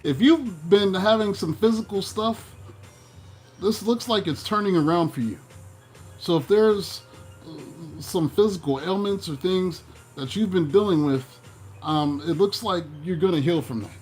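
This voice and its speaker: A man with a slightly raised voice reads tarot cards in a casual, playful manner. He teases the listener and throws in jokey asides and quick mocking voices. Faint music plays underneath. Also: high voice, darkish tone. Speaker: tarot reader.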